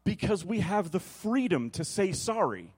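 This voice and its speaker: A man in his thirties preaching a sermon, moving between quiet reflection and animated personal storytelling. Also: high voice, a little slow, slightly rough. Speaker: pastor.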